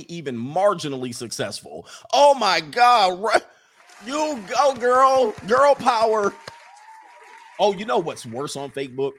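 A man livestreaming a casual, sarcastic rant, swearing, laughing often and mocking others in a high voice. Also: fairly bright tone. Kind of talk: casual ranting monologue.

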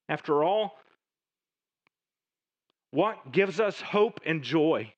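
A man preaching a sermon, moving between raised emphatic lines and hushed, low passages. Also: expressive, extremely slow, long pauses, husky, dull audio. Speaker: pastor.

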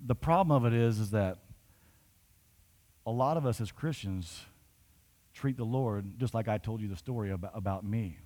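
A man's voice: lowish voice, moderate pace, long pauses, dark tone. A man pastor telling a story in a conversational sermon, building to emphatic points.

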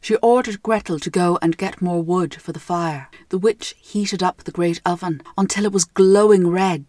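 A young Irish woman narrating a storybook tale in a gentle, measured way. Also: lowish voice, no echo, clean studio sound.

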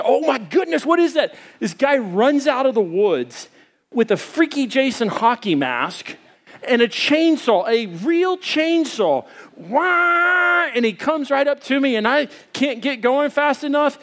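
A male pastor preaching a sermon, telling a lively personal story and acting out his own screams. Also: extremely high pitch.

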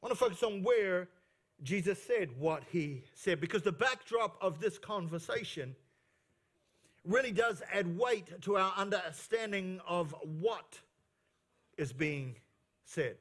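A man's voice: high-pitched, lively intonation, measured pace, a bit bright. A male pastor preaching a sermon at a church service into a stage microphone, emphatic, repeating key phrases, with playful asides. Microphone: fixed microphone on stage.

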